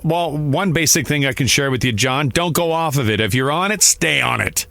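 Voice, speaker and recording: A man's voice: on the high side, moderate pace, vocal fry, pushed and bright. A middle-aged man hosting a podcast, talking in a candid, rambling monologue that often corrects itself. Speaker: podcast host, trucker. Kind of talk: casual monologue.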